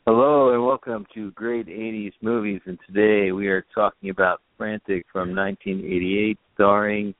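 A man's voice: on the low side, lively intonation, normal speed, creaky, few pauses. Hesitant movie podcast host man. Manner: hesitant, lots of uh and um. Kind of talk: casual movie review chat. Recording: dry phone-like sound.

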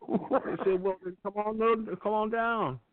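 A man's voice: high-pitched, fairly even intonation, slow, dry recording, voice pushed up. A man doing an impression of a folksy, rambling older male ex-president over a phone line.

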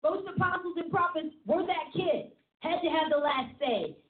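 A woman's voice: very high voice, lively intonation, normal speed. A woman apostle preaching a teaching sermon, emphatic and repetitive with a chatty, laughing manner. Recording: tinny phone-like sound in an echoey room.

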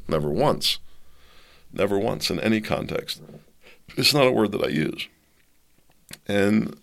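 A man's voice: low-pitched, bright, forceful tone. A man hosting his own podcast from his basement, talking in a rambling way with many restarts. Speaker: podcast host. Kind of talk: casual opinion monologue. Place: home basement.

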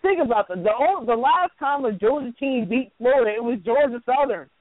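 A man with a high voice co-hosts a sports radio talk show and mocks the local teams with sarcastic asides. The sound is tinny and phone-like, dry and close. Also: lively intonation, a little fast, no room sound. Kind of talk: casual sports radio rant.

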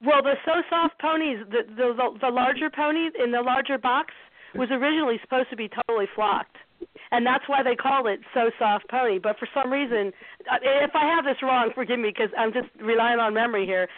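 A middle-aged woman speaks in a high, friendly voice. She takes her time to recall details and circles back over her own words. The sound is thin and narrow, as if it came down a phone line. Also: brisk, no room sound. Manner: friendly, searching her memory, repeats words while recalling. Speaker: guest, former toy designer. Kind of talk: casual phone interview.

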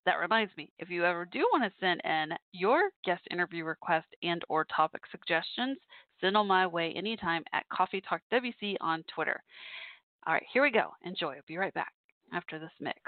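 A woman's voice: lowish voice, animated, a little fast, no room sound. Lady hosting her call-in podcast, rambling chatty talk, thin dry phone sound. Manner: chatty, rambling with fillers and asides. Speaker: podcast host and call-in show DJ. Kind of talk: casual solo podcast talk. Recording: dry tinny phone-like line.

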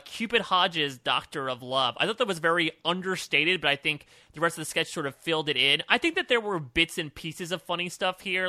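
A man co-hosting a podcast, talking casually and in an upbeat, animated way about comedy sketches, often laughing. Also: a little high, no echo. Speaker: podcast co-host. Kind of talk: casual review chat.

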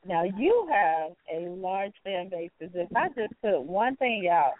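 A woman's voice: lowish voice, sing-song, a little slow, a little hiss or hum. A woman hosting a talk show, upbeat and encouraging, laughing often as she interviews a guest. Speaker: radio show host. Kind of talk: casual interview. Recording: tinny phone line.

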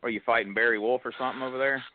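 A man's voice: medium pitch, fairly even intonation, very fast, dry recording. Guy hosting a call-in wrestling show, jokey and teasing, dry tinny phone-ish sound. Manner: joking, teasing. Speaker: podcast host. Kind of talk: casual radio chat with callers.

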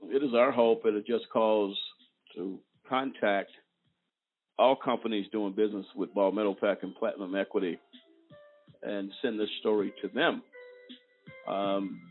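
A man hosting a talk show, speaking in a measured, hesitant way. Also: fairly low pitch. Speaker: host. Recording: tinny phone line with faint music.

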